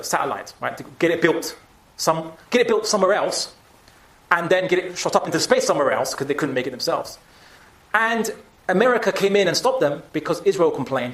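A man's voice: medium pitch, a bit bright, reverberant. A man giving a public talk and taking audience questions, speaking emphatically with frequent restarts.

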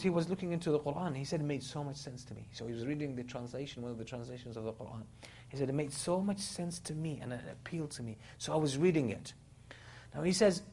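A man giving a sermon, retelling a story with animated, dramatic quotes of the people in it. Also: a little high, slightly rough. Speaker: Islamic preacher.

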